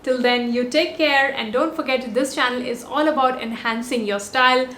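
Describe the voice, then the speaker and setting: Her high, a bit bright voice keeps a fairly even intonation at normal speed as she delivers point-by-point scripted body language advice, upbeat and emphatic, to camera. A compact on-camera mic records it with roomy echo and a little hiss or hum.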